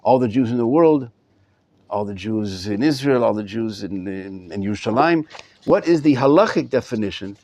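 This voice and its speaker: A man's voice: lowish voice, lively intonation, moderate pace, darkish tone. A middle-aged man, a rabbi, teaching a live class to students in a study hall, often repeating words as he thinks aloud. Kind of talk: live Torah class lecture.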